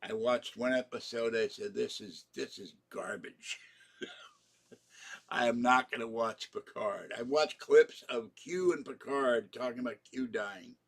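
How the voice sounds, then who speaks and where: Older man, live-stream host, rambling, opinionated, grumbling, gravelly voice. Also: mid-range voice, unhurried. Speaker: channel host. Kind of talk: casual live-stream chat.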